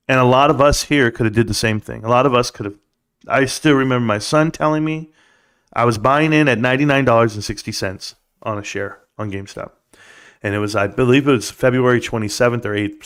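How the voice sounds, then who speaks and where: A man's voice: mid-range voice, a little fast, a bit bright. A man hosting a livestream, ranting casually with rambling stories and emphatic rhetorical questions. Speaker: livestream host. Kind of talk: casual stock-market rant.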